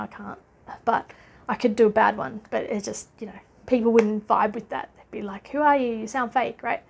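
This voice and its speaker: A chatty Australian woman in her thirties, talking straight to camera as a business coach. Her voice sits a little high, and she laughs easily between points, with plenty of "uh"s. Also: gravelly. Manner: chatty and upbeat, laughs often, many uh fillers. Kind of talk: casual talking-head vlog.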